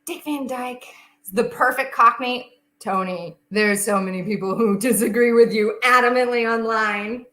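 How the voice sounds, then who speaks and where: A woman's voice: fairly high pitch, moderate pace, sharp tone, reverberant, poor audio. A young woman hosting a casual baking livestream from her home kitchen, chatting and answering viewers' comments as she works.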